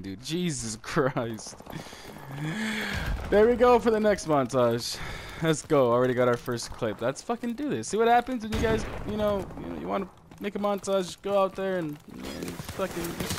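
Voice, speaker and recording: Profane young gamer ranting over gunfire. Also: male voice, a little high, normal speed, gravelly. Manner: rambling, swearing, trash-talking, excitable. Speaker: gamer streaming commentary. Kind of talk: profane live gameplay commentary. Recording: noisy gameplay audio with gunfire. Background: game gunfire and clicks.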